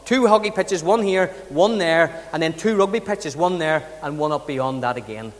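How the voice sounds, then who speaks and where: A man's voice: on the high side, expressive, normal speed, in a large hall. A man with an Irish accent, from the south of Ireland, preaching a sermon with chatty storytelling and rhetorical questions. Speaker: pastor.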